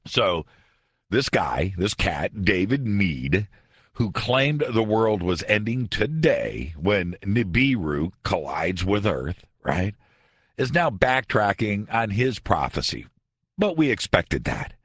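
Deep, animated radio host. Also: male voice, slow, slightly rough, no echo, clean studio sound. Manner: sarcastic, conversational, animated. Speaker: radio talk show host. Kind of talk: late-night radio monologue. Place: radio studio.

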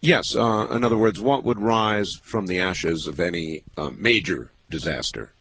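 A man with a low, husky voice hosts a late-night call-in radio show from a studio mic. He talks in a measured, halting way, pausing often as he takes calls. The sound is close and dry. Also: fairly bright tone, dry recording. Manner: measured, halting, with many pauses. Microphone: studio microphone.

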